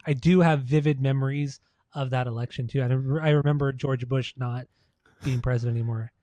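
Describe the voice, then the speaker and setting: A man's voice: medium pitch, steady tone, a little fast, dark tone, no room sound, highs cut off. A man in his thirties co-hosting a casual music podcast, talking with enthusiasm, swearing freely and repeating himself. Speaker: podcast co-host.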